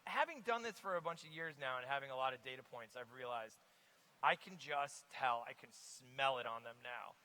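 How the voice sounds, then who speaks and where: Guy on stage at a conference, bright voice, tells stories fast and animated. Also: mid-range voice, low-quality recording. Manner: lively anecdotal storyteller. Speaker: investor guest. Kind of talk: onstage conference interview.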